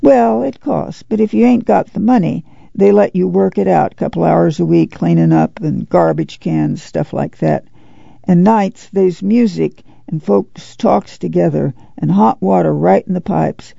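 Man playing an eager rambling country girl, gravelly raised voice, muffled dry recording. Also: sits high, unhurried, warm tone, no echo, full character voice. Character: chatty poor rural girl, excitable. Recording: dull lo-fi dry audiobook recording.

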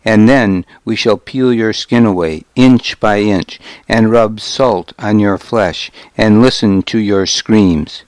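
A man voicing a cruel Danish warlord who delivers his threats in an even, reasonable tone. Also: lowish voice, takes it slowly, hardly any pauses, no echo. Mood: menacing calm. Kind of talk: audiobook character reading.

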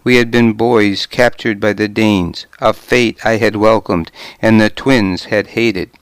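Slow, smooth-voiced male audiobook narrator. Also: fairly low pitch, fairly even intonation, dry recording. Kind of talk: first-person scripted narration.

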